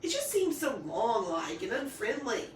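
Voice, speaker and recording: A woman voicing a young woodswoman who talks in a calm, plainspoken, folksy way. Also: fairly high pitch, a little slow, far from the mic, a little hiss or hum. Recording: echoey room, voice off-mic.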